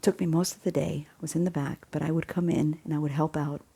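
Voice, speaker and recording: Husky low-voiced woman telling a story. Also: quick pace. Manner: often drops into a husky half-whisper; rambling, repeats words when excited. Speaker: faith vlogger. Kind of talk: casual spoken storytelling.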